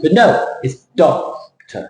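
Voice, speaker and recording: A man teaching pronunciation in a classroom, repeating words slowly and syllable by syllable, now and then switching into Thai for his students. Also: a little mellow. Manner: drills words slowly, mixes in Thai asides. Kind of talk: accent coaching lesson. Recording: roomy classroom with faint hum.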